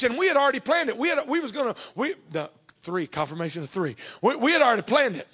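Man, preacher, high voice, animated storytelling, acts out dialogue, loud then hushed. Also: quick pace, breathy edge. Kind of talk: sermon storytelling.

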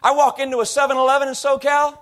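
Male pastor, 30s-40s, high-pitched voice; conversational sermon full of anecdotes and mimicry. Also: level tone, fast talker, fairly bright tone. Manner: storytelling, slipping into imitated voices and accents.

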